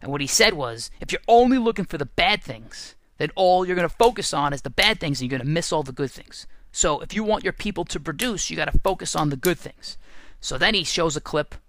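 A man who coaches football, giving an energetic, animated motivational talk full of stories and restarts. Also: a little high, fairly quick, no room sound.

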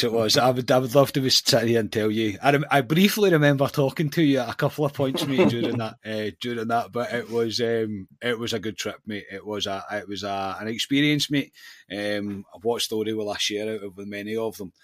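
A Scottish man co-hosting a football podcast, animated and chatty, dropping "mate" into nearly every sentence. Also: fairly low pitch, brisk, no room sound, clean studio sound. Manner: animated storyteller, says "mate" constantly. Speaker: podcast co-host. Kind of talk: casual football chat.

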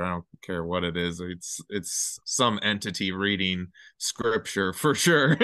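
A man with a low, deep voice and a bright, crisp, clean tone, guesting on a casual podcast. He rambles excitedly from one number theory to the next, and his voice is recorded close and dry. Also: no room sound. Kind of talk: casual chat.

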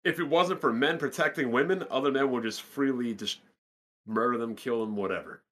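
A man co-hosting a casual podcast, telling a story in blunt, profane words. His voice sits in an ordinary middle pitch. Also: fairly quick, a bit bright. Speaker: podcast co-host.

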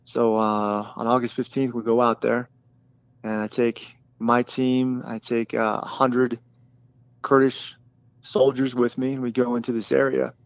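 A man who was a detachment commander, recounting a battle in plain, halting speech with many fillers and restarts. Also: medium pitch, little pitch movement, creaky, no echo, dull audio. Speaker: former special forces detachment commander. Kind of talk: recounting a combat story in an interview.

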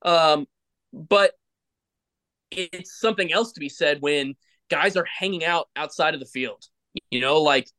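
A man hosts a casual podcast with a bright, forceful edge to his slightly high voice. He rambles warmly through his points, pressing on each one with emphasis. Restarts and fillers run through his talk. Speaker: podcast host, former ballplayer.

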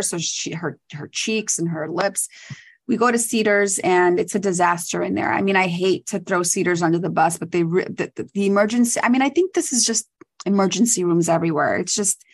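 Chatty young mom co-hosting a podcast. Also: female voice, medium pitch, moderate pace, breathy edge. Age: young adult. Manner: chatty, animated storytelling. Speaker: podcast co-host. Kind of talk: casual chat.

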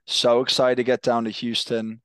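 A man's voice: mid-range voice, completely flat delivery, normal speed, a bit bright, clean tone, dry recording. A young man hosting a casual sports podcast, talking loosely, often repeating his words as he goes. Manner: laid-back, swears casually. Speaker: podcast host.

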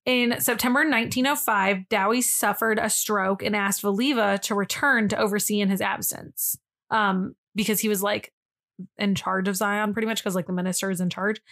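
A woman's voice: mid-range voice, fairly even intonation, normal speed, creaky, a bit bright. A young woman on a podcast, chatting casually as she tells a history story and often says "like". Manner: chatty, lots of "like" fillers. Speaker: podcast co-host.

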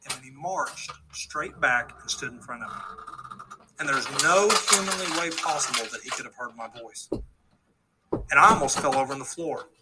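A man's voice: mid-range voice, normal speed, heavy background noise. A middle-aged man earnestly telling his testimony story to a live audience, acting out the dialogue he quotes. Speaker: speaker giving a testimony.

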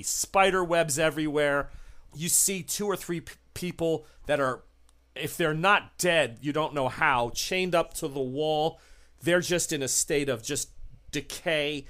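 A man running a tabletop horror game as game master, narrating scenes in an unhurried, descriptive way. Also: on the high side, a bit bright, smooth. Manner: unhurried, descriptive, laughs with players.

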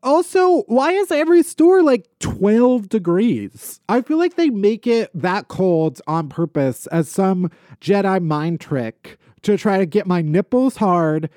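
Animated man ranting comically. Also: sits high, slow, few pauses, no echo, studio quality. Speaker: podcast co-host. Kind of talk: comedic casual chat. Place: podcast studio.

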